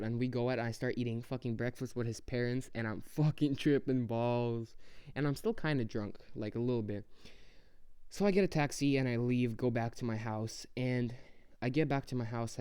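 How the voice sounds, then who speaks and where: A man's voice: mid-range voice, warm tone, clear, resonant tone. A young man casually telling a rambling, profane story as a vlogger.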